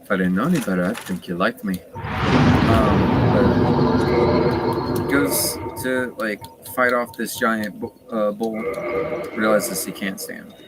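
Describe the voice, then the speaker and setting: A man's voice: on the low side, slow, pauses often, over loud music, poor audio. A man streaming a game in casual chat, retelling a story in a rambling way with many fillers. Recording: loud steady background noise.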